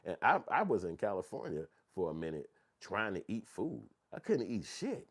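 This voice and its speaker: A middle-aged man talks through casual commentary in a low voice that swings up and down a lot. He tells profane stories with a lively delivery and reads viewer comments. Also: moderate pace, breathy edge. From Chicago. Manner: profane, animated storytelling, acts out quotes in a high voice. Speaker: channel host.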